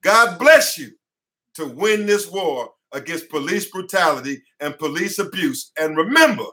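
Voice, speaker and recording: A man's voice: a little high, lively intonation, measured pace, pushed and bright. A man who is an attorney, giving an impassioned online class lecture from his headquarters, fiery and preacher-like, repeating phrases for emphasis, sweating as he talks. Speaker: attorney and teacher.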